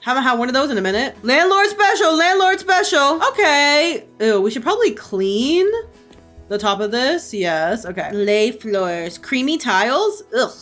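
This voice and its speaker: A young woman streamer giving casual gameplay commentary, excitable, gasping and swearing freely. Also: a little high, moderate pace, soft background music.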